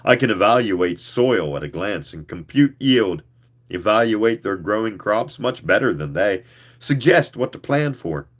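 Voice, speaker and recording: A man's voice: lowish voice, expressive, measured pace. A man reading the part of an earnest, formal alien man who is part machine, in a storybook reading.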